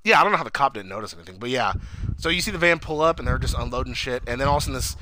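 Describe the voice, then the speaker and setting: Profane laughing man, lively voice. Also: medium pitch, racing. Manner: profane, laughing, acts out quotes in big voices. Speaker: co-host recapping a TV episode. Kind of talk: casual chat. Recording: noisy recording.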